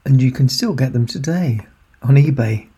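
A man speaking as Santa, telling a children's story in a playful, animated way and asking the listener questions. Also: mid-range voice, normal speed, breathy edge.

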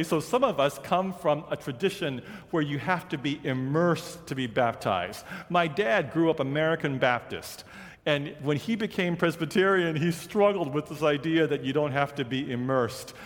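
A man preaching a sermon in a conversational, animated way, slowing down for quoted scripture. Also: fairly high pitch. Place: large church sanctuary. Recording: long reverb of a big hall.

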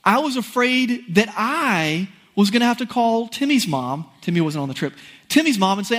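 A man preaching a sermon, telling a personal story in an animated, folksy, conversational way. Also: high voice, moderate pace.

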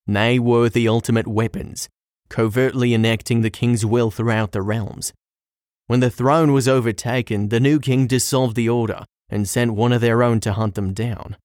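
A man's voice: lowish voice, darkish tone, no echo, studio quality, lightly acted. A man voicing a hearty, worldly male distiller who tells old legends and gives warnings to a friend.

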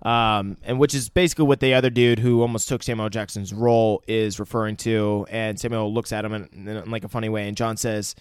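A man's voice: on the low side, level tone, fairly quick, few pauses, clean tone, no echo, clean studio sound. A man co-hosting a podcast, recapping a film in casual, crude, joking chat and acting out lines. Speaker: podcast co-host.

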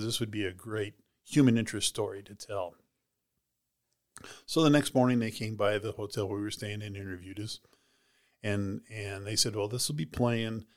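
A man, a heart transplant recipient, casually retelling a personal story in an interview, rambling with many "you know"s and "she goes". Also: fairly low pitch.

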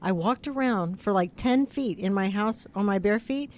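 A woman co-hosting a health talk show, chatting in a quick, easygoing way. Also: medium pitch. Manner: chatty, quick, laughs along. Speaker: co-host. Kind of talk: casual chat.

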